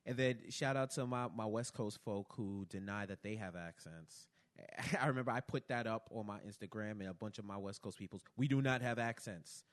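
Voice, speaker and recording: A man's voice: on the low side, moderate pace. Laughing New York man telling stories. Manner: animated storytelling, laughs often. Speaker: podcast host. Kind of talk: casual chat.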